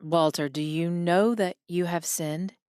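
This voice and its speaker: A woman voicing a male pastor who speaks calmly and patiently, guiding a dying man. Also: on the low side, a little slow, clear, resonant tone, no echo, clean studio sound, natural voice. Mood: gentle. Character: calm gentle male pastor.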